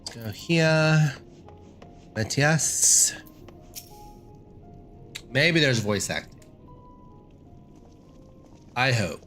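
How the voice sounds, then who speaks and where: A man's voice: mid-range voice, animated, very slow, pauses often, fairly bright tone, faint music behind. A man casually commenting on a game as he plays, chatty and self-deprecating. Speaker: gaming streamer.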